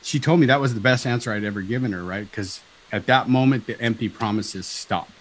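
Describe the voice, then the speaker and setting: A man in his fifties from Southern California, a talk show guest telling a personal story in an animated way, acting out dialogue and often asking "right?". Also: fairly low pitch, brisk, poor audio. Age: 50s.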